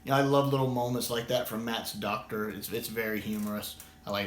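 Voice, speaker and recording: A fast-talking American man reviews something on video, his mid-range voice fairly bright with fairly even intonation. The review is casual and meandering, full of fillers and restarted sentences, and recorded in a roomy, echoey space.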